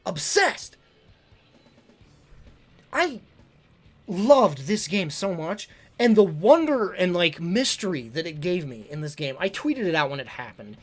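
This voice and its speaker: Livestreamer, casual chat, excitable, stumbling repeats, very lively pitch, faint music behind. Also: normal speed. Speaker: streamer. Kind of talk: casual livestream talk ranking games.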